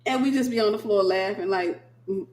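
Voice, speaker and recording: A woman minister hosting a casual late-night livestream, a sleepy, animated storyteller. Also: mid-range voice, fairly quick, reverberant. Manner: animated storyteller who acts out quoted voices.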